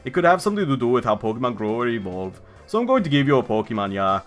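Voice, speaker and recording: A man voicing a bumbling Pokemon professor in a deliberately poor mock-Swedish accent, tagging lines with "yeah". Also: medium pitch, sing-song, soft background music, close to an everyday voice. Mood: eager. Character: fussy male Pokemon professor, bumbling, adult. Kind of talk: let's play character voice.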